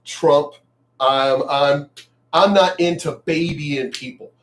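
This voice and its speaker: A man ranting bluntly on his vlog, cursing freely and swinging between loud outbursts and quieter asides. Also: fairly high pitch, slow. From United States. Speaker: vlogger.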